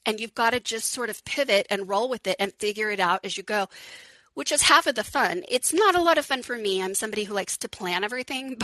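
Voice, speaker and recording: A woman's voice: mid-range voice, pushed and bright, no echo, low-quality recording. A woman hosting a live call-in podcast, talking frankly and chattily, laughing often and swearing casually. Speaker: podcast host.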